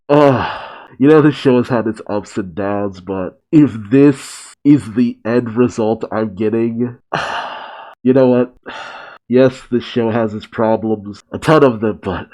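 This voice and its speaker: A man's voice: mid-range voice, slow pace, darkish tone. A man hosting an anime reaction, talking casually and gushing, laughing often and openly emotional.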